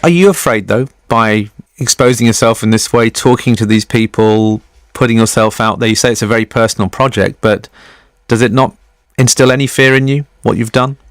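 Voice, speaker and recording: A man's voice: medium pitch, fairly even intonation, fairly quick, no echo, studio quality. A man interviewing a guest on a news broadcast, asking direct, probing questions.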